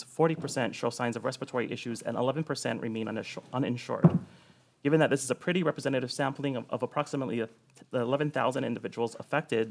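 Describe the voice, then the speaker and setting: Fast-reading man with gravelly voice. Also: medium pitch, slight background noise. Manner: reads quickly from a prepared statement. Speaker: testifier at a public hearing. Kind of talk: prepared testimony.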